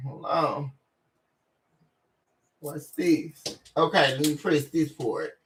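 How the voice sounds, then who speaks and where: A woman hosting a live tarot stream on a webcam mic from home, excitable and laughing often as she chats casually with her viewers. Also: deep voice, slow pace, slight background noise. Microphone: webcam microphone.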